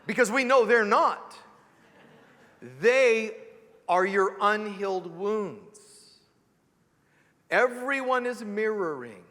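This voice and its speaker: A man giving an animated sermon as a spiritual teacher, joking and asking rhetorical questions. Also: high-pitched, takes it slowly, pauses often, in a large hall. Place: church sanctuary.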